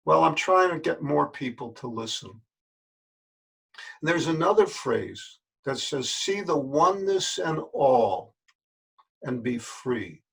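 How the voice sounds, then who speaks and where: An older man with a gravelly, husky voice, fairly high for a man, addresses the camera as a yoga teacher. His manner is plain and folksy, earnest, and he repeats words for emphasis.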